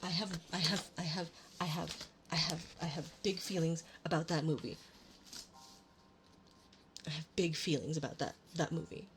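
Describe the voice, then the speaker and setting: A young woman streaming ASMR, rambling casually between storybook passages in a soft-spoken, self-deprecating way. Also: low-pitched, steady tone, normal speed, long pauses, over music.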